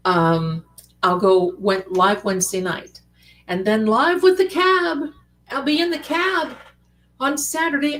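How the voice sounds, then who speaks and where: A woman hosting a casual late-night livestream, chatty and animated, calling her viewers darlings. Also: lowish voice, a little hiss or hum. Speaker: livestream host.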